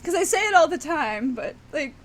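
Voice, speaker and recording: High-voiced woman fighting back tears. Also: very animated, normal speed. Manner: teary, fighting back tears, laughing often; rambling with many restarts. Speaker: streamer. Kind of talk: casual emotional chat to viewers.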